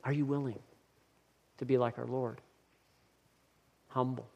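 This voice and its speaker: A man's voice: medium pitch, level tone, a little slow, vocal fry, dark tone, slightly rough, long reverb tail, lo-fi sound. A man preaching a sermon earnestly, stressing and repeating key phrases as he builds each point. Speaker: pastor.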